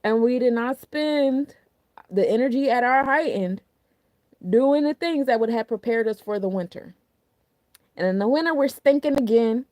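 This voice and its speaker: A woman's voice: high voice, animated, measured pace, a little mellow, no echo, studio quality. A woman hosting a casual astrology talk, chatty and full of rhetorical questions, often asking "you know what I'm saying". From New Jersey. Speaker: astrology podcast host.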